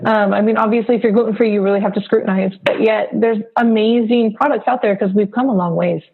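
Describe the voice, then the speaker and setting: A woman from Hawaii in her thirties chats as a podcast guest, loose and filler-heavy. Her voice is gravelly and a bit husky. She comes through a narrow, phone-like remote line. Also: medium pitch, fairly even intonation. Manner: chatty, filler-heavy, quick to laugh. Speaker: podcast guest, food blogger. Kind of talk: casual interview chat.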